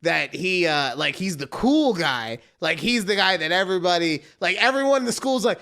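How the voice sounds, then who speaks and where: Speaking at a moderate pace with hardly any pauses, a young podcast co-host uses a high-pitched voice. He tells animated stories in casual chat, performing the quotes as he goes.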